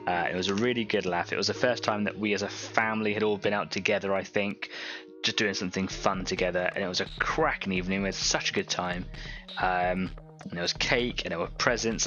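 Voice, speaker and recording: A man's voice: low voice, bright, forceful tone, highs cut off. A man hosting a live painting stream, chatting casually, rambling and laughing at his own jokes.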